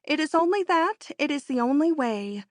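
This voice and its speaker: A woman voicing Natalie, a bright eager society lady. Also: lively intonation, moderate pace, no echo, clean studio sound. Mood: impatient. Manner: high, emphatic, exclaiming. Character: excitable young society woman, eager and bold. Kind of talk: audiobook character voice.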